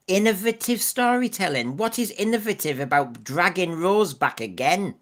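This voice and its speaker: A man's voice: a little high, big pitch swings, moderate pace, fairly bright tone. A man co-hosting a podcast, opinionated and fond of rhetorical questions in casual discussion. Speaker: podcast co-host.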